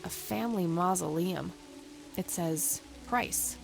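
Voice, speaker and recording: A blunt young detective heroine from a video game, with a low, gravelly voice. She talks in flat, matter-of-fact remarks over a clear bed of game music. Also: slow, full character voice. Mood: dry.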